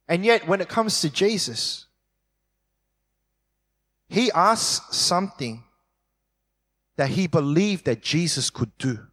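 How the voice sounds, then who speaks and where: A man preaching a sermon in a church, slowing down to stress key words. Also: on the high side, fairly bright tone. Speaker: pastor. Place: church hall. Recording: long hall reverb.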